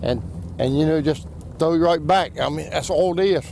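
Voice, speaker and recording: A man with an Outer Banks brogue, a crab fisherman explaining his work in plain, unhurried talk. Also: a little high, creaky, noisy background.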